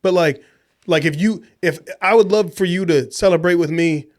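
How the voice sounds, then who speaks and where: Podcast co-host, male, slightly high voice, loose slangy delivery, heavy cursing. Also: moderate pace. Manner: animated, slangy, swears a lot. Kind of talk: casual drinking chat.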